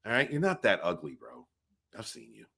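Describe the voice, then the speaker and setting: A man runs a casual livestream podcast and chats with a somewhat low-pitched voice. He rambles, repeats himself and keeps talking to fill any silence. He greets viewers by name as he goes. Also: huge pitch swings, a little fast, gravelly, pushed and bright, breathy edge. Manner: rambling, fills dead air, greets chat by name.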